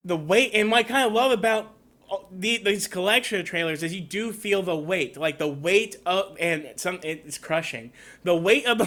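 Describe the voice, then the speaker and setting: High, bright-voiced man rambling about movies. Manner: rambling, emotional, tearing up at times. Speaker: YouTube movie reviewer. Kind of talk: casual trailer review vlog.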